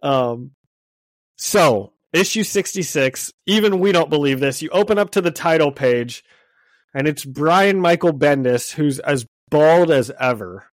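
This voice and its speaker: A man's voice: on the high side, expressive, unhurried, dry recording. Man, congested, comic podcast co-host, casual chat, laughs easily, dry recording. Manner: chatty, self-deprecating, laughs often. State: congested from illness.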